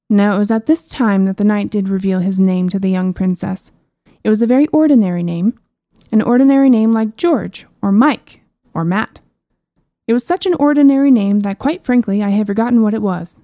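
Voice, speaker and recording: A woman narrating an audiobook fantasy story in an even storybook delivery with wry asides. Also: mid-range voice, a little fast, no echo, clean studio sound. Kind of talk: scripted narration.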